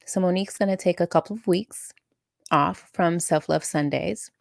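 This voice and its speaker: Woman on a live stream, low gravelly voice, talks slow, dry close mic. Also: no room sound. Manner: warm, emotional, laughing often, reads viewer comments aloud. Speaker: live-stream host and coach. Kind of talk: casual live chat, reading out comments.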